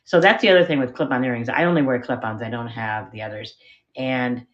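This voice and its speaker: A woman's voice: very deep voice, a little fast. Middle-aged woman, rambling self-deprecating seller chat, home room, slightly muffled sound. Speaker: online jewelry seller. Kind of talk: live-stream auction chat. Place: spare bedroom at home.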